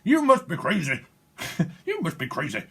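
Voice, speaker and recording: Husky man rambling with laughter. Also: sits high, wildly swooping pitch, normal speed, fairly bright tone. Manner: rambling, joking, laughs often. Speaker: tarot reader. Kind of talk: casual channeled reading to camera.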